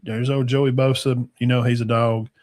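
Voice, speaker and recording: A man's voice: medium pitch, flat delivery, normal speed, a little mellow. A man, hosting a casual football talk show in a rambling, folksy way that trails off into mumbles. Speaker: sports talk show host.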